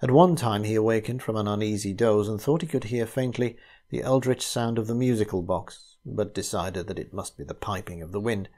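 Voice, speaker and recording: A man narrating a classic ghost story aloud in a measured, steady way. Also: lowish voice.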